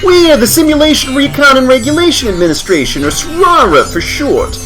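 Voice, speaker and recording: A man's voice: very high-pitched, huge pitch swings, moderate pace, fairly bright tone, soft background music, voice pushed up, heavily acted, poor audio. A man voicing a pompous male festival inspector with an exaggerated French accent, in a haughty, stilted and theatrical manner.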